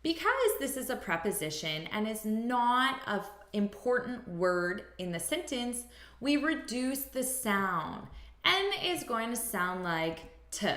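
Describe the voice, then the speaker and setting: A woman with an American accent teaching an English lesson, speaking clearly and repeating phrases for learners. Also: a little high, sing-song, takes it slowly, fairly bright tone. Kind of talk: language lesson. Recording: echoey room.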